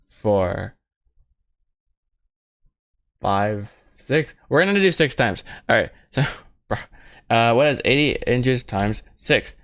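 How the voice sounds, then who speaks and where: A man streams himself modeling for his animated film, casually thinking aloud, rambling, and cracking self-mocking jokes to himself. His voice is lowish, with no room sound in the recording.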